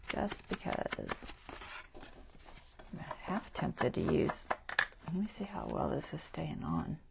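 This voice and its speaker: A woman hosting a crafting livestream, chatting as she works, thinking aloud, often trailing off softly and laughing at herself. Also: low voice, creaky, background noise. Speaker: craft channel host. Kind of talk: casual crafting livestream chat.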